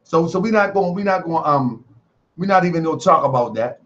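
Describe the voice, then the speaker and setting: A man with a high voice talks loosely and playfully to his online audience, dropping slang and laughing as he goes. The stream audio sounds dull and lo-fi. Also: animated, fast, a bit bright. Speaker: host of an online talk show. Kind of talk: casual live-stream talk.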